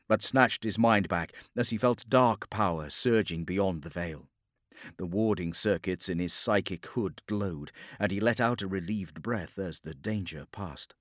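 A man narrating a war story as a scripted audiobook, in a steady, dramatic storytelling delivery. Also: low voice, no echo, studio quality.

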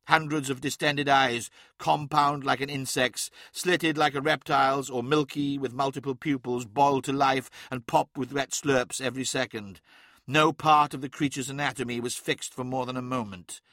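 A man narrates dramatic fiction in measured, vivid storytelling. His tone is bright and crisp, recorded dry and close. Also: mid-range voice, dry recording. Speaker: audiobook narrator.

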